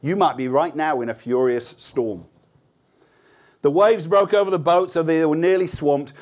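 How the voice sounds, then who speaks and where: A high-voiced man preaches an earnest, conversational sermon. He often restarts his words and turns to the listeners with rhetorical questions. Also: moderate pace, a little mellow.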